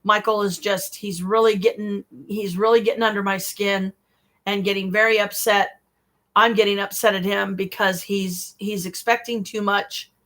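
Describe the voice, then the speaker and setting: A woman's voice: medium pitch, level tone, moderate pace, fairly bright tone. A woman talking in a casual livestream monologue, rambling, blunt and exasperated, swearing freely as she speaks straight to a viewer. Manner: speaks to one viewer directly.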